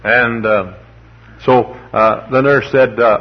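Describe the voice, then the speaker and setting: A husky-voiced pastor, a man, preaches in a rambling, humorous way, stumbling over repeated words as he spins folksy stories. Then he climbs into emphatic declarations. The sound is dull and lo-fi, like an old recording. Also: mid-range voice, fairly even intonation, a little slow. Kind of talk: sermon with folksy storytelling.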